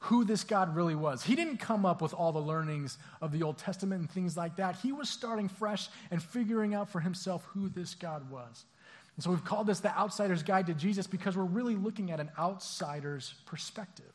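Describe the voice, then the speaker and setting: A young man preaching a casual sermon as a pastor, acting out characters in a lively, conversational way with frequent restarts. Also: high voice, normal speed. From Southern California. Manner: casual, animated, acts out voices, stammering restarts.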